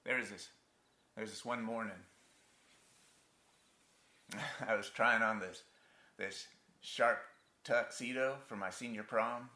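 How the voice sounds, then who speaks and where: A man's voice: on the low side, pushed and bright, full character voice. A man acting a stage monologue as a grown son haunted by his abusive father, telling it in a wry, folksy rural dialect on a theatre stage. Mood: rueful. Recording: roomy theatre sound.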